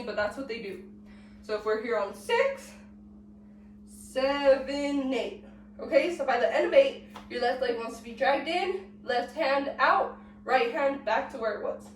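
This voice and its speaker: A woman's voice: high-pitched, lively intonation, moderate pace, far from the mic, slight background noise. A young woman, sick and out of breath, teaching a dance step by step and counting the beats aloud while she moves. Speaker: dance tutorial host. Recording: echoey room, voice off-mic.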